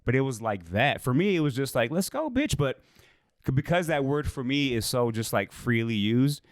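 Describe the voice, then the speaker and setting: A man's voice: mid-range voice, fairly quick, no echo, studio quality. A man co-hosting a podcast, telling a story in a loose, rambling way and swearing freely. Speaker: podcast co-host. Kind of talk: casual storytelling chat.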